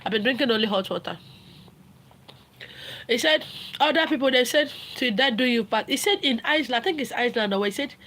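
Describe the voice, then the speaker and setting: A high-voiced middle-aged woman with a Nigerian accent talks casually on a livestream. She is animated and laughs often, mixing Pidgin and Igbo into her talk and acting out what people say. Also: brisk, pauses often, slight background noise. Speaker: livestream host.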